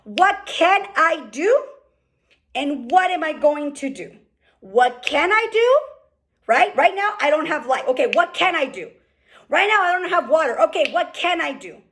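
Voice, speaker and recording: Fired-up high-voiced woman. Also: sing-song, fairly bright tone. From California. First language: Spanish. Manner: fired-up, fast, repeats "okay?" often. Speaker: team leader speaking on a group call. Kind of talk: motivational business talk. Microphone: call microphone.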